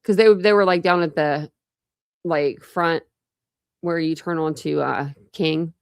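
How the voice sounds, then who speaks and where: A woman's voice: low-pitched, steady tone, unhurried, clean tone, dry recording, clean studio sound. A young woman hosting a casual true crime livestream, tired and rambling with many fillers. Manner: rambling, lots of fillers and restarts. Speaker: true crime channel host. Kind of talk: casual livestream chat with viewers.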